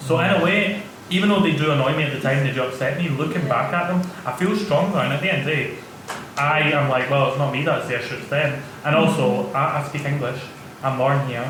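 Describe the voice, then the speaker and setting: A Glaswegian man chats on a festival panel, lively and talkative. His voice sits a little high. He is picked up from a distance in a reverberant hall with background noise. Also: quick pace. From Glasgow, Scotland. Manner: chatty, animated storytelling. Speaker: poet on a panel. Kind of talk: casual panel chat. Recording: echoey hall from far off, noise.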